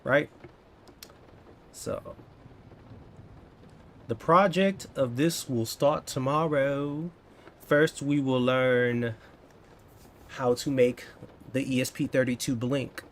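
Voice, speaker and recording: Speaking slowly with long pauses and fairly even intonation, a medium-pitched man chats casually with his live viewers over slight background noise. This coding vlogger in his thirties is playful and jokey, sometimes veering into exaggerated dramatic bits.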